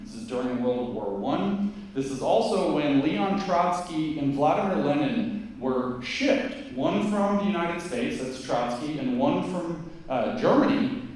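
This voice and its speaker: A man giving a live lecture to an audience in a conversational, emphatic way, full of quick asides and restarts. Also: on the high side, a little mellow. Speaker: guest speaker. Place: event hall before a live audience. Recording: very echoey hall, mic at a distance.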